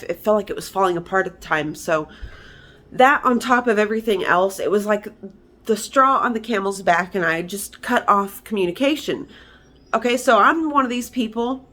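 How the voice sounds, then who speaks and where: A woman's voice: mid-range voice, fairly bright tone. A woman talking frankly and emotionally in a personal vlog, heated, swearing freely and using lots of fillers. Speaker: vlogger.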